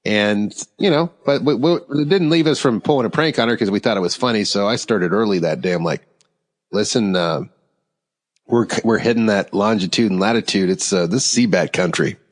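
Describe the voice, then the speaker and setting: A man's voice: lowish voice, brisk, in a large hall. A man hosting a podcast, telling stories in casual chat and laughing through them. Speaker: podcast host.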